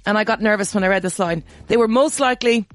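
A woman's voice: medium pitch, fast, soft background music. Playful female radio co-host. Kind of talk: casual radio banter.

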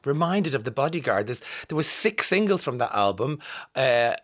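A man's voice: medium pitch, big pitch swings, moderate pace, loud music behind the voice. An Irish man in his fifties hosting a casual radio show from a studio booth, reading listener texts with jokey, self-mocking asides. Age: 50s. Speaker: radio host.

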